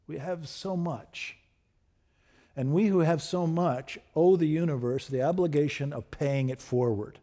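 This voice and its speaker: A middle-aged man preaching a sermon, building to fervent repeated refrains and then dropping soft and low. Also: measured pace. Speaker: pastor.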